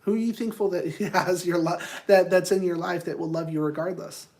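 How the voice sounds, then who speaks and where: A man's voice: high voice, fairly even intonation, normal speed, a little mellow. Blunt, earnest man giving life advice. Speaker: counselor speaking to viewers. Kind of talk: casual motivational monologue.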